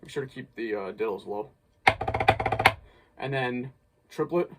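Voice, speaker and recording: A man's voice: mid-range voice, measured pace, over loud music. A man casually breaking down a snare drum part as an instructor, thinking aloud with small restarts. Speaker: drumline instructor.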